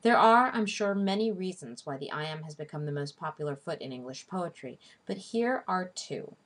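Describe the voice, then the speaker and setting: Woman teacher doing a recorded lecture, low voice, a bit husky, slows down to stress syllables. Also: expressive. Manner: clear, deliberate teaching delivery, slowing to stress syllables. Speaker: literature instructor.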